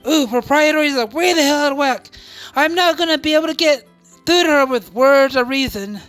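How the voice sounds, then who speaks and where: Woman player, high voice, wry playthrough asides. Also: a little fast, fairly bright tone, faint music behind. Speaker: game player. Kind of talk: playthrough commentary.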